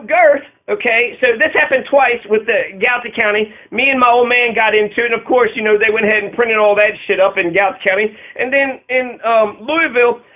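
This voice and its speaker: A man with a strikingly high voice talks in a profane, aggrieved ramble, stacking fillers and restarts as he complains. He is a political candidate, and his speech comes through on a dull, lo-fi recording. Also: fairly quick, few pauses, sharp tone. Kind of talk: angry monologue about his arrests.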